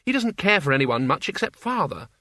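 A brisk, sharp-tongued young woman, put on by a male narrator speaks in a raised, clipped voice. She sounds quick to snap and always sure of herself. The recording is dry and close. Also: fairly high pitch, sing-song, no echo, pitched above the performer's own voice. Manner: brisk and snappish.

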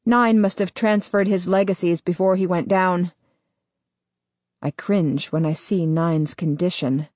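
A woman narrating a novel in the first person, measured and deliberate. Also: fairly low pitch, steady tone, darkish tone, no echo. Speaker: audiobook narrator.

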